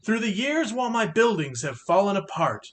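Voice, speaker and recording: A man reading a rhyming picture book aloud with expressive, sing-song delivery. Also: sits high, normal speed. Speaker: reader.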